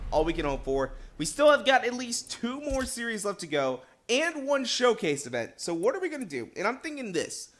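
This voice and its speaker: Male gaming host, young adult, high-pitched, excitable casual commentary with quick shifts in volume. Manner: excitable, chatty, jumps between loud outbursts and quiet asides. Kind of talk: casual let's play commentary.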